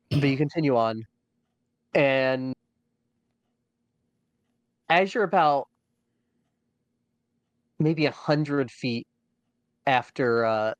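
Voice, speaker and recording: A man's voice: medium pitch, no echo. A man running a tabletop game as dungeon master, narrating with many fillers and restarts.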